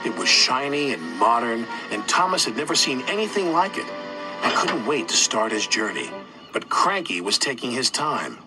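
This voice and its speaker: A man reading a children's railway story aloud with an expressive, animated manner. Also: medium pitch, normal speed. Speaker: narrator. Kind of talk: storybook narration. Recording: loud music behind.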